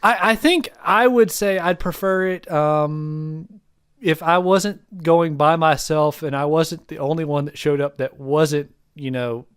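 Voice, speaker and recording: A man's voice: on the high side, measured pace, clean tone, no room sound, clean studio sound. A young man from the United States, co-hosting a podcast in casual chat, rambling through a reflective story. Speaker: podcast co-host.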